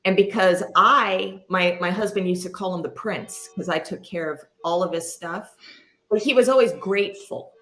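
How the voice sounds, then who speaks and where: A woman's voice: on the low side, normal speed, a bit bright. A middle-aged woman hosting a candid chat, blunt and self-mocking, swearing freely. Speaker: podcast host.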